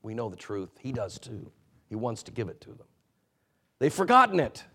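Preaching with earnest warning in his tone, this male pastor is very animated and husky, keeping a moderate pace as he moves between forceful highs and hushed, low-pitched asides.

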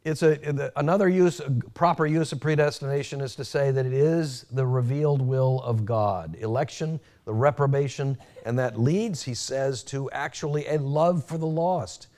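Emphatic male preacher, mid-pitched. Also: moderate pace, few pauses. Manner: emphatic, rising sharply when quoting, dropping low and quiet at key points; frequent restarts and fillers while teaching. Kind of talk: sermon.

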